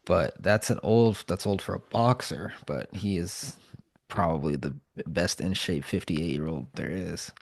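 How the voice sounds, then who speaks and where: A man with a very low, gravelly voice banters bluntly on a podcast, swearing freely. The sound is dry and close. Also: measured pace, no echo. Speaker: podcast co-host. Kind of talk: casual banter.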